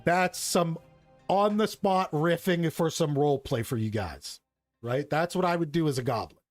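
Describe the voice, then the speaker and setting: A man chatting casually and excitedly about tabletop gaming, swearing, laughing and tossing in "bro" and "right". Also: on the high side, moderate pace, no room sound, faint music behind.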